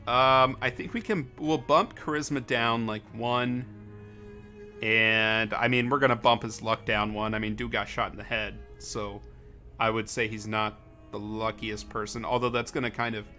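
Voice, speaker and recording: A man's voice: mid-range voice, pushed and bright. A young man casually commenting on a game during a live stream, rambling, correcting himself and laughing a lot.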